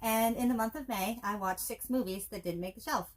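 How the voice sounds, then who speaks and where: A woman's voice: fairly high pitch, a little fast, a little hiss or hum. A woman co-hosting a casual movie review show, with wry, dry joking asides. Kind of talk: casual chat.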